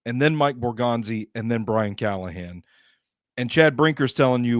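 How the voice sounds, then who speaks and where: A man co-hosting a sports talk show, giving measured conversational analysis. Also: mid-range voice, no echo, clean studio sound. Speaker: co-host.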